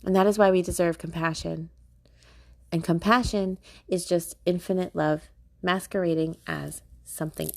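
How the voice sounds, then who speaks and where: A young woman hosts her own podcast in a loose, chatty monologue, full of "like" fillers and casual swearing. Her voice sits a little low for a woman. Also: vocal fry, darkish tone. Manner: chatty, filler-heavy, swearing, laughing often. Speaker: podcast host.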